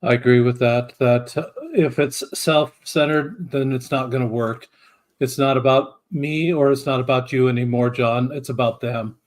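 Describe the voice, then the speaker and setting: A man being interviewed as a podcast guest, answering in a calm, explanatory way. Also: mid-range voice, normal speed.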